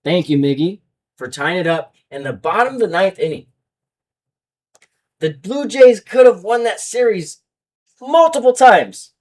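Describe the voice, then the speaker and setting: A man's voice: high voice, animated, recorded from a distance. A young man hosting a sports betting podcast, ranting heatedly about baseball fans and then running through his picks. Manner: heated, fast-swinging rant, loud then muttering.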